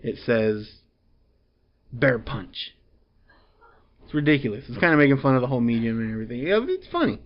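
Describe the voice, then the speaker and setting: A man's voice: medium pitch, very animated, a little fast, pauses often, dull audio. A man reviewing a comic book in casual chat, rambling through the plot with fillers and chuckles.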